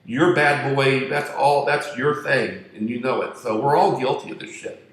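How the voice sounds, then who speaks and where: A man's voice: mid-range voice, normal speed, fairly bright tone. Crude rambling man in an echoey room. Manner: crude, profane, joking. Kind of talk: rambling storytelling monologue.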